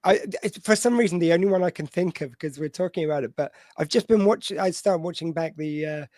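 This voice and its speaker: Joking man with a higher voice, dry sound. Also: darkish tone, dry recording. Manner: jokey, quick asides. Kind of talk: casual chat.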